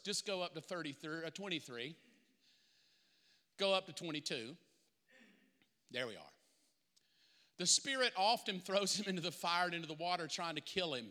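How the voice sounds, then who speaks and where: Male pastor, animated sermon, high and bright, long church reverb. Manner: animated, acts out Bible characters.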